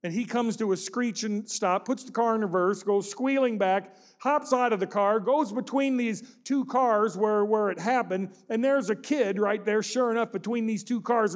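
A man's voice: sits high, moderate pace, hardly any pauses. A man preaching a sermon as pastor, telling a story and acting out the people in it. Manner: storytelling, acts out quoted voices with rising intensity.

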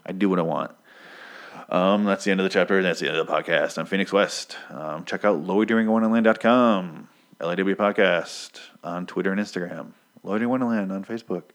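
A man's voice: deep voice, fairly quick. A young man hosting a podcast, recapping a comic book in a casual, rambling way with lots of fillers and swearing. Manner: rambling, profane, full of fillers. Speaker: podcast host.

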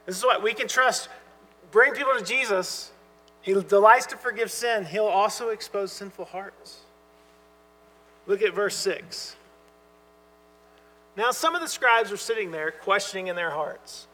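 A man preaching a sermon as pastor, earnest and emphatic, dropping to soft asides when he quotes. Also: high voice, measured pace, pauses often. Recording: hall reverb with mains hum.

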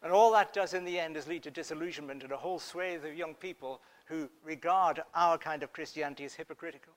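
A man preaching a sermon in an earnest manner, dropping to a hush and then rising to emphatic points. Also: fairly high pitch, fast talker. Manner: earnest, swings from hushed to emphatic.

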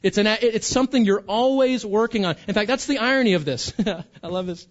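A man's voice: high voice, fairly quick, dull audio. A man preaching a conversational sermon as pastor, often restarting and repeating words.

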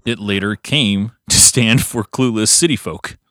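A man's voice: lowish voice, measured pace, bright, forceful tone, no room sound. A man co-hosting a casual podcast chat in a studio, blunt and jokey, laughing a lot. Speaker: podcast co-host.

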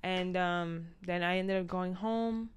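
A woman's voice: on the low side, takes it slowly, slight background noise. A woman casually telling a personal story, acting out what people said along the way. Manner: candid, animated retelling with quoted dialogue.

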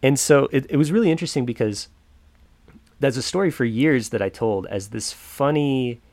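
A young man telling a personal story in a reflective, halting way, with many pauses and fillers. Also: mid-range voice, expressive, a little mellow, no echo. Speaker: podcaster.

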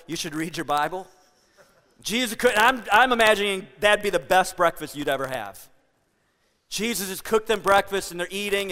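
A man's voice: sits high, sharp tone, in a large hall. A man preaching a sermon as pastor in an earnest, conversational and emphatic way.

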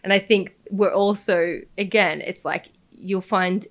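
A woman's voice: medium pitch, fairly even intonation, a little slow. A woman hosting a conversational interview, affirming her guest with frequent agreement and light laughter. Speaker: host.

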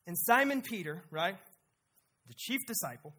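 A preacher giving a sermon with emphasis, asking the listeners rhetorical questions and shifting between quiet and loud delivery. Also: mid-range voice, sing-song, normal speed.

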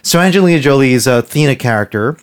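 Relaxed man rambling through a film recap. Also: mid-range voice, fast, smooth. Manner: relaxed, rambling with many fillers. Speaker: podcast co-host. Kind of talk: casual movie review chat.

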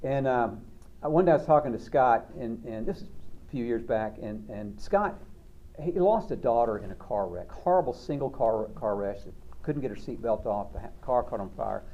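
A man's voice: medium pitch, animated, normal speed, dark tone, dull audio. A middle-aged man, a counselor telling stories about recovery with folksy, self-mocking humor. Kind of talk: storytelling talk on recovery.

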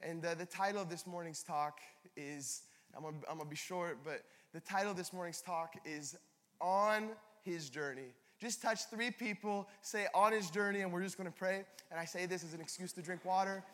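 A man's voice: sits high, steady tone, brisk, fairly bright tone. A young man from Canada preaching a sermon as a pastor, telling stories in a chatty, self-deprecating way. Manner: conversational storytelling with self-deprecating asides. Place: large church hall. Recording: long hall reverb.

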